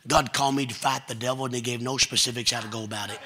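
A middle-aged man with a Kentucky accent, preaching a folksy, joking storytelling sermon that builds to loud preaching. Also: medium pitch, steady tone, rapid-fire, noisy background. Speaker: guest preacher.

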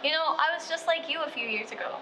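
Actress in her teens for a confident outspoken sophomore girl, high and blunt, noisy location sound. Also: quick pace, close to an everyday voice. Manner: teasing, blunt and self-assured. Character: bold outspoken teen girl, openly lesbian sophomore.

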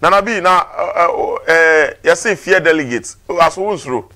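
A man's voice: on the high side, moderate pace, pushed and bright, no echo. A man with a Ghanaian accent hosting a political talk show, probing his guests conversationally.

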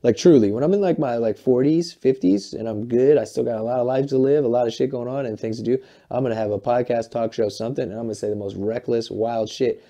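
A man in his late twenties, a musician being interviewed, talking in an animated, rambling, profane way and acting out what other people say. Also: medium pitch, fast, hardly any pauses. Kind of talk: candid interview talk.

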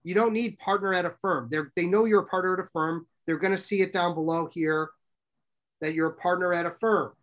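Man, middle-aged, high voice, workshop presenter, brisk, quizzes the room. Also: steady tone, a bit bright. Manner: brisk, direct, asks the audience questions. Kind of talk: live workshop talk to an audience. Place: room with a live audience.

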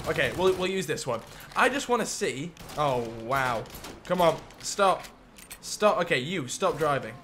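A young man giving casual, excitable commentary while playing a game, talking to the characters and laughing often. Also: high-pitched, normal speed, a little hiss or hum. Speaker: gaming YouTuber.

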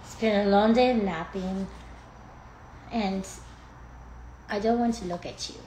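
A woman's voice: medium pitch, measured pace, dark tone, reverberant, a little hiss or hum, lightly acted, poor audio. A woman voicing her sleepy, aloof pet dog in a drowsy, grudging way on a phone livestream.

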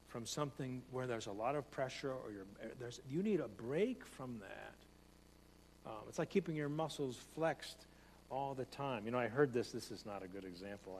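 A man preaching a conversational sermon as pastor, repeating phrases and speeding up as he tells stories. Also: mid-range voice. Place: church sanctuary. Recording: long hall reverb, faint hum.

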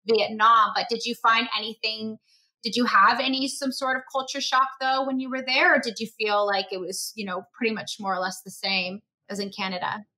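A woman's voice: on the high side, flat delivery, moderate pace, pushed and bright, rough recording. A woman hosting a casual interview, chatty and affirming as she asks questions. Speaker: podcast host.

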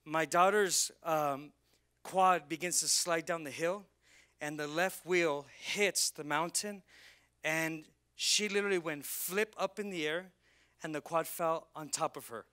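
A man pastor preaching a sermon, telling a personal story and rising to loud, fervent preaching. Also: fairly high pitch, unhurried, clean tone. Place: church.

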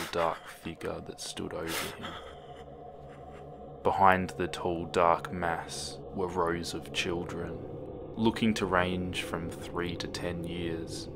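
A man reading a horror story aloud in a slow, hushed voice that sinks to near whispers. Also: deep voice, noisy background. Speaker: narrator. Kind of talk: scripted horror story narration. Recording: music bed under voice. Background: music.

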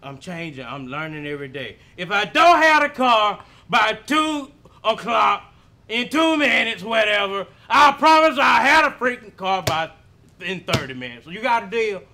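An actor playing a boastful mechanic shop owner who knows nothing about cars, talking loud and fast in a comedy film scene. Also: male voice, sits high, sing-song, full character voice. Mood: blustering. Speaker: comic actor.

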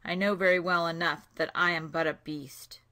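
A woman's voice: on the low side, steady tone, normal speed, sharp tone. Humble storybook beast, read by a woman. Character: gentle lonely male beast, humble and sad.

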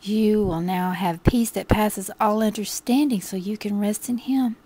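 A woman's voice: mid-range voice, fairly even intonation, measured pace, dark tone. A woman telling a devotional story in an intimate, often whispered way.

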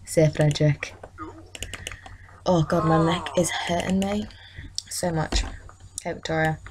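A woman with a fairly low voice chats her way through a casual let's-play. She talks straight to the characters on screen and scolds them when they misbehave. A faint hiss of background noise sits under her voice. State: tired, yawning. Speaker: gaming channel host.

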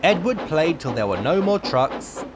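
Expressive male storybook narrator, animated, with a noisy home recording. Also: fairly high pitch, normal speed. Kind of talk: storybook reading.

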